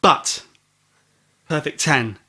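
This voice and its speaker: A man co-hosts a casual podcast chat, his voice bright and a touch high. He rambles and teases, and every so often he jumps up into loud exclamations. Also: drawn-out words. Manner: jokey, rambling, teasing, with sudden loud exclamations. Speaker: podcast co-host. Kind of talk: casual chat, album review.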